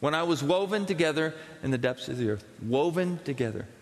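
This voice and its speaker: A man in his forties preaching a sermon, telling stories in an animated way and swinging between loud excitement and hushed intensity. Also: fairly high pitch, a little fast. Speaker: pastor. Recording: long hall reverb.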